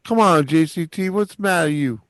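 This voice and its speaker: A man's voice: on the high side, fairly quick, fairly bright tone, no room sound. A man chiming in casually with short, laid-back remarks in a group chat. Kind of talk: casual banter.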